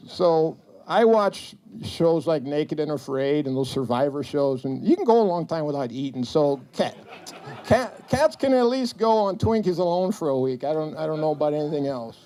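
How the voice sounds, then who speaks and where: A man's voice: a little high, expressive, measured pace, warm tone. A middle-aged man giving a joking speech full of stories at a retirement celebration, acting out the lines of the people in them. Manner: storytelling, acting out quotes, joking. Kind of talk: anecdotal speech to an audience. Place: event hall with audience.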